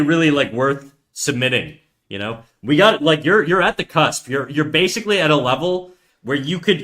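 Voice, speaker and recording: Young male streamer, casual and relaxed, mid-pitched, talks to chat while drawing. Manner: relaxed, answers chat, trails off quietly while concentrating.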